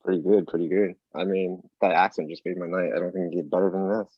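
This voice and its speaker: Casting: young male guest, deep husky voice, dry deadpan humor. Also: quick pace, no echo, highs cut off. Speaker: podcast guest. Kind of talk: casual chat.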